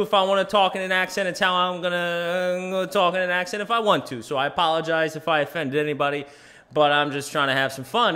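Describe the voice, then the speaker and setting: Guy rambling on his podcast, laughs at himself, bright clear tone. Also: a little high, a little fast. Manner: rambling, self-deprecating, chuckling. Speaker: podcast host. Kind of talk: casual podcast monologue.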